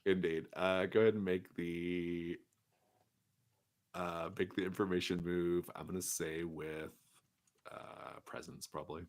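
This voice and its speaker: Man, very low voice, game master, descriptive tabletop narration. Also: flat delivery, measured pace. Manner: descriptive, with fillers and restarts.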